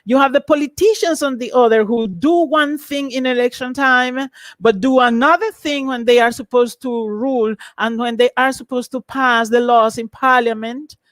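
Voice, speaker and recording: A woman lecturing in an online academic webinar, lively and emphatic, over a video call. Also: a little high, normal speed, no echo.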